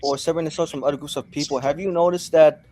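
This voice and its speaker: A man's voice: fairly high pitch, fairly even intonation, very fast, warm tone. A man hosting a casual panel discussion, moderating and sometimes tripping over his words.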